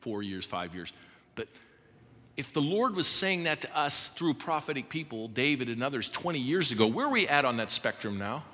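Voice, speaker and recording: Impassioned pleading preacher, man, bright tone. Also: mid-range voice, big pitch swings, moderate pace. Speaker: pastor. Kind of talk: sermon. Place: church service before a congregation. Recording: long hall reverb.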